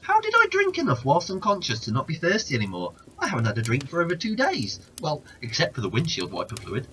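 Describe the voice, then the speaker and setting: A man voicing a frightened, thirsty man lost in the desert, who stammers and croaks as he pleads. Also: on the high side, wildly swooping pitch, fast talker, a bit bright, slight background noise, voice pushed up. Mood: bewildered. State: dizzy and weak from thirst.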